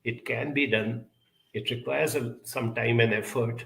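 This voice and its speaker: Man, advice talk, earnest and measured, gravelly voice, echoey room. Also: medium pitch, fairly even intonation, a bit bright. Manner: measured, earnest, builds lists with many pauses and fillers. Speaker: speaker answering audience questions. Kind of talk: advisory talk on relationships and emotions.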